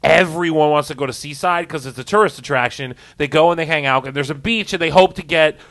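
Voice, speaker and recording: A man's voice: fairly high pitch, quick pace, a bit bright. A man hosting a casual comedy podcast, rambling and chuckling as he talks.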